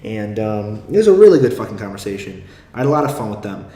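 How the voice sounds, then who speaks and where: Speaking fast in a sing-song, dark-toned lowish voice, this young adult podcast host rambles through a casual monologue. He's self-deprecating, swears a lot and leans on fillers, and the room sounds echoey.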